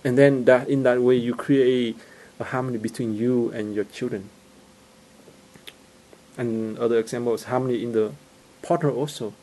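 A man with a mid-pitched voice gives an informal teaching talk in halting non-native English, full of fillers and restarts, on a low-quality recording. When he acts out everyday scenes, he warms up, grows lively, and laughs.

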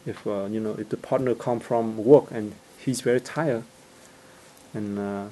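A man giving an informal teaching talk in halting English, full of fillers and restarts, growing animated as he acts out everyday scenes. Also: lowish voice, low-quality recording. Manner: gets animated and laughs when acting out scenes.

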